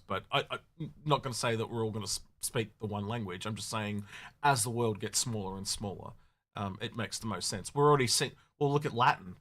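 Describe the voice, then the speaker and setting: A man co-hosting a casual podcast, rambling and animated with many restarts. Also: fairly low pitch, fairly quick. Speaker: podcast co-host. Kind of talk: casual chat.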